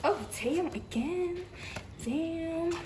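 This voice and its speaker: A young woman chatting excitedly while unboxing, squealing and swearing. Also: extremely high pitch, very slow, a little hiss or hum. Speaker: vlogger. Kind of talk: casual unboxing chat.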